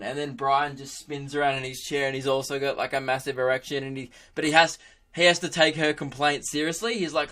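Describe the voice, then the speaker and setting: A young man in his twenties hosting a podcast, telling crude jokes in an animated, casual monologue with frequent laughter. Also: medium pitch, fairly quick. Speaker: podcast host, comedian.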